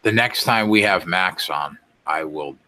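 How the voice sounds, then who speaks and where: Male co-host, very low voice, bright forceful edge, blunt, swears a lot. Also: unhurried, no room sound. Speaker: podcast co-host. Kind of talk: casual sports betting chat.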